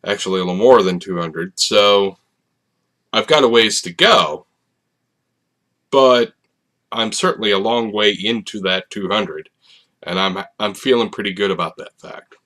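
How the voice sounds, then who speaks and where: On the low side and a little slow, this host's voice is pushed and bright, and he pauses often. He rambles casually to the camera late at night on his own channel, hesitating and restarting amid lots of fillers.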